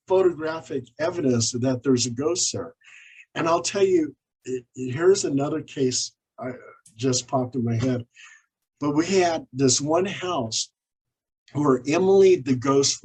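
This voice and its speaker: A man's voice: mid-range voice, measured pace, breathy edge, low-quality recording. A man, a paranormal investigator, telling stories of his cases in an interview and acting out the dialogue. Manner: animated anecdotes, acts out quoted dialogue. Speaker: paranormal investigator and author, guest. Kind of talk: storytelling in an interview.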